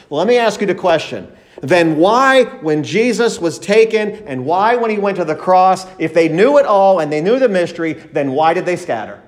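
A man's voice: sits high, big pitch swings, normal speed. A man preaching a sermon as pastor, emphatic, acting out the disciples' words in a raised voice.

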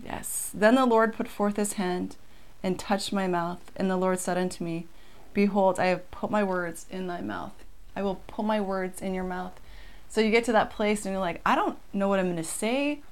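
A woman co-hosting a casual scripture lesson, reading verses aloud and talking them through in a relaxed, conversational way. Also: mid-range voice, normal speed. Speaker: co-host of a scripture study.

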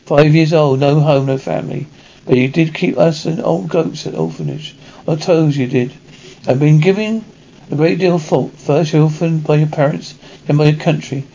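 A fatherly old priest, as a man puts him on, gentle and unhurried in tone. The voice is gravelly and slightly high, on a dull lo-fi recording. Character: old male priest mentoring an orphan.

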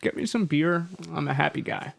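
A man's voice: a little high, normal speed, gravelly. A man chatting on a podcast with friends, making short, dry remarks. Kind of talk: casual chat.

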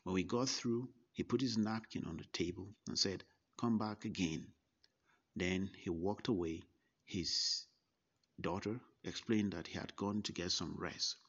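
A man slowly recounting a personal story, first person. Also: deep voice, a bit bright, breathy edge. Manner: slow, deliberate recollection with quoted dialogue. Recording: dull lo-fi recording.

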